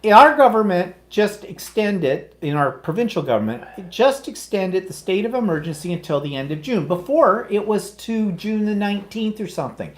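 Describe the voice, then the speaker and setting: A man's voice: high voice, moderate pace, few pauses. A man from Canada co-hosting a casual livestream chat, reading viewer comments and ranting bluntly about the news. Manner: blunt, opinionated, animated ranting.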